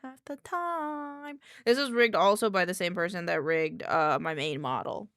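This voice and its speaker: A woman streamer chatting casually and excitably on a live stream, often answering her chat, into a desk microphone. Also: lowish voice, moderate pace, clean tone, no echo, clean studio sound.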